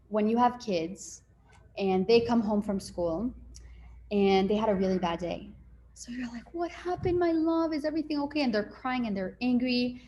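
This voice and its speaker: A woman's voice: medium pitch, darkish tone. Chatty woman giving relationship advice. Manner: conversational, acts out little dialogues, many fillers. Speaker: relationship coach. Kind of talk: casual advice talk.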